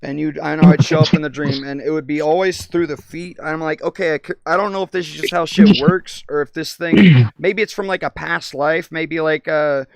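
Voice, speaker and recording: A man's voice: on the high side, steady tone, creaky, crowd noise. A man streaming and chatting casually, telling rambling stories and often stopping to hunt for words. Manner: meandering, halting, searches for words.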